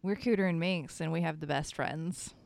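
A woman's voice: low-pitched, moderate pace, gravelly, darkish tone, dry recording, studio quality. A woman co-hosting a podcast in casual chat, easygoing and chatty, laughing easily. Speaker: podcast co-host.

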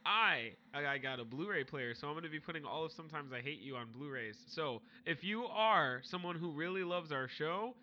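A man's voice: on the high side, expressive, brisk, few pauses, sharp tone, muffled recording. A man co-hosting a podcast in casual comedic banter, laughing often. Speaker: podcast co-host.

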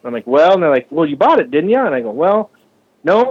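A man from the Minneapolis area who runs a shop and builds bikes, talking casually and with lots of swearing, often acting out other people's lines in a higher voice. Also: big pitch swings, a little fast, breathy edge, lo-fi sound. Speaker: shop owner and bike builder. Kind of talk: casual podcast conversation.

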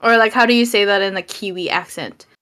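A woman's voice: mid-range voice, fast, fairly bright tone. A young woman co-hosting a casual chat, giggly and rambling with lots of filler words. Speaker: podcast co-host.

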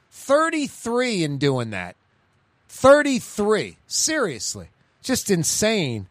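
A man's voice: high voice, huge pitch swings, takes it slowly, no room sound. A man with a New Orleans accent hosting a radio talk show, rambling through stories and news. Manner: rambling, chatty, digressive. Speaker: radio host.

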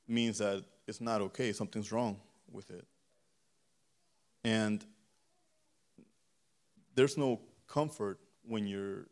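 A man's voice: lowish voice, gravelly, a little mellow. A man preaching a sermon in a church, his voice giving out, with a fervent, repetitive cadence that moves into a closing prayer.

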